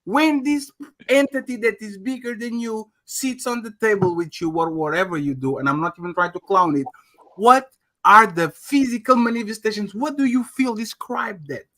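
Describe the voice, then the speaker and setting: Bright-voiced blunt young man hosting. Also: high voice, moderate pace. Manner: blunt, crude, swings from loud to muttered. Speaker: podcast host. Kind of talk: casual panel debate.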